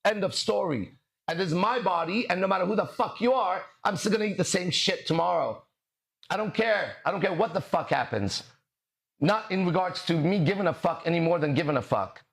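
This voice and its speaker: A man's voice: high-pitched, expressive, fairly quick, creaky. A man hosting a podcast as a mindset and relationship coach, talking in a brash, swaggering, profane monologue full of rhetorical questions.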